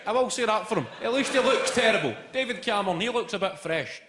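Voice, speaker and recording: A young Scottish man doing a stand-up comedy set, swearing and shouting punchlines, often laughing as he talks. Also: sits high, lively intonation, fast, noisy background. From Scotland. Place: large comedy venue with live audience. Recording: echoey venue with loud crowd.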